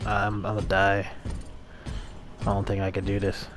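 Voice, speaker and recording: Low-voiced profane gamer man. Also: monotone, normal speed. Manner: profane, panicky outbursts and muttering. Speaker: gamer playing a horror game. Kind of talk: let's play commentary.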